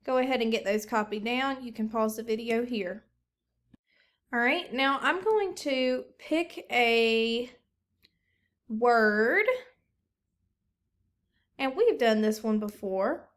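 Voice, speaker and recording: A woman teacher giving a recorded phonics lesson, talking slowly and encouragingly to young pupils. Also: a little high.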